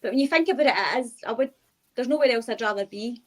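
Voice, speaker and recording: High-voiced chatty Glaswegian woman. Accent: Glaswegian Scottish. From Scotland. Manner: chatty, with frequent "like" fillers and quick asides. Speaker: guest, urban explorer. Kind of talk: casual chat.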